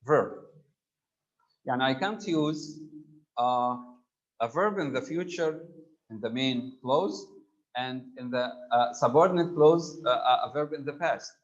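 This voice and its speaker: A man's voice: medium pitch, lo-fi sound. A man teaching an online English grammar class, explaining terms and checking in with students. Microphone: computer mic on a video call.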